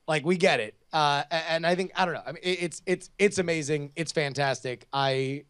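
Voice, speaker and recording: A man's voice: on the high side, fairly quick, a bit bright, clean tone. A man co-hosting a podcast, chatting casually about TV shows with many restarts and fillers. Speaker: podcast co-host. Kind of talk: casual chat.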